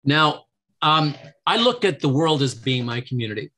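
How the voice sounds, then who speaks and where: A man's voice: a little high, sing-song, moderate pace, sharp tone. Earnest middle-aged man, motivational. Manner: earnest, motivational, acts out quotes in a lifted voice. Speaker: podcast guest, negotiation trainer. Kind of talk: casual interview.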